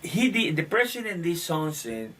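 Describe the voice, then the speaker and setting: A man's voice: on the high side, big pitch swings, moderate pace, a bit bright. Opinionated man rambling off-mic. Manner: opinionated, rambling, with filler restarts. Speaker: commentator. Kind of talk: casual monologue on current events. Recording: distant mic, faint room ambience.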